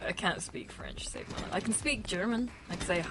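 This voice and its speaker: A woman's voice: medium pitch, fairly quick. A young woman hosting a casual let's-play, chatty and rambling, laughing often, on a PC microphone. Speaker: gaming channel host. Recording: game gunfire and noise behind.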